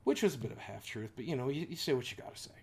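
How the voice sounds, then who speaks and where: A man's voice: mid-range voice, lively intonation, racing, gravelly, breathy edge. Male vlogger in his forties, earnest confessional storyteller, wry asides, mid-range voice. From United States. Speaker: YouTuber telling a personal story. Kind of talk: casual storytelling vlog.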